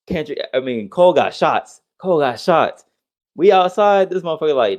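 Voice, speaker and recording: A man's voice: on the high side, big pitch swings, normal speed. A man co-hosting a casual podcast, ranting heatedly with lots of profanity and mocking quotes. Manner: heated, profane, swings between loud outbursts and mock quotes. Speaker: podcast co-host.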